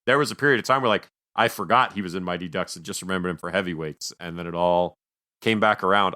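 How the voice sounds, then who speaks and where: On a film podcast, a male co-host with a lowish, sharp-toned voice chats casually about movies. He rambles and cracks self-mocking jokes along the way.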